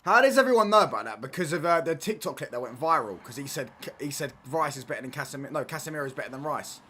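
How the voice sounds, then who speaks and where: A man's voice: on the high side, animated, fast, sharp tone, breathy edge. A young man chatting casually on a football watchalong stream, reading chat and bantering in slang with stop-start restarts.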